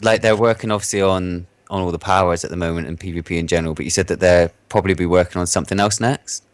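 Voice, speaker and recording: A man hosting a casual gaming podcast, relaxed and chuckling as he asks questions. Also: deep voice, fast talker, no echo.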